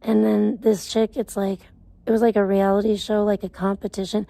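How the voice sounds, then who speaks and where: Woman streamer, low gravelly edge, warm relaxed tone, rambling profane rants to chat. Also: moderate pace, no echo. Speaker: live streamer. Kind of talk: casual livestream chat.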